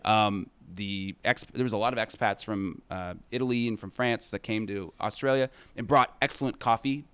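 A man's voice: on the low side, normal speed, fairly bright tone, clear, resonant tone. A man chatting casually on a podcast, explaining at length with plenty of fillers and enthusiasm. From United States. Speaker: brand representative guest.

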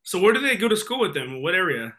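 A man hosting an interview, asking questions in a relaxed, chatty way and calling people "man" and "dude". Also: sits high, quick pace. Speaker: interview host.

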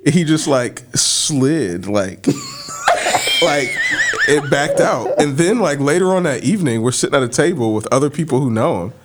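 A man's voice: fairly high pitch, very animated, moderate pace, very noisy. A man co-hosting a podcast, telling a story in a rambling, casual way with lots of filler words. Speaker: podcast co-host. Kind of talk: casual chat.

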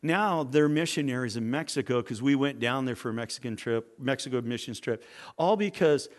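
A man's voice: mid-range voice, a little fast. A middle-aged man preaching as a pastor, telling personal stories and acting out the voices of the people in them. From California. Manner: animated storyteller, acts out quoted voices. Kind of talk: sermon storytelling.

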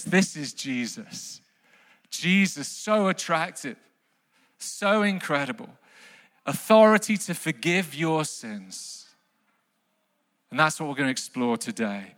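High bright voiced guy preaching, all over the place pitch-wise, live in a big reverby hall. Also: takes it slowly. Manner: animated storyteller, voice jumping up in mock outrage. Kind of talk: lively sermon to a congregation. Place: large hall with long reverb.

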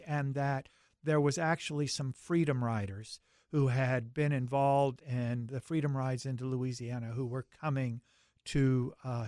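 A man's voice: mid-range voice, darkish tone, no room sound, clean studio sound. Older Southern man recalling the past. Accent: Southern American. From American South. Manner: reflective, storytelling with frequent restarts. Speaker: interviewee. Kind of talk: oral history interview.

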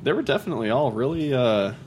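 Upbeat guy chatting, laughs a lot, middle pitch, faint room hiss. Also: sing-song, fast talker, a little mellow. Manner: upbeat, laughs often, playful. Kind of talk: casual chat.

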